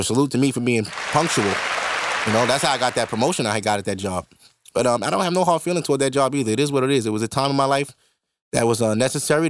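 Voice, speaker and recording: A young man hosting a podcast, telling a personal story in a casual, animated and profane way. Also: medium pitch, no echo, studio quality. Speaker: podcast host.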